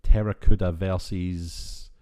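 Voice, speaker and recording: A man's voice: deep voice, fairly even intonation, slow, mellow, clean tone. A man with a Scottish accent, co-hosting a podcast in casual, rambling chat with frequent restarts. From Scotland. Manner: rambling, with many restarts and fillers. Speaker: podcast co-host.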